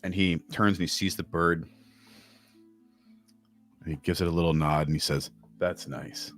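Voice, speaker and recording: A man narrating a tabletop game as game master, rambling and relaxed with many fillers. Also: low voice, moderate pace, faint music behind.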